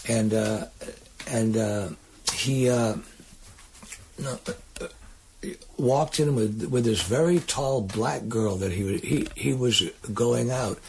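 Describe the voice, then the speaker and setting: An older man, a singer-songwriter guest, telling rambling, halting stories in a casual interview. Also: medium pitch, slight background noise. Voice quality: raspy, gravelly.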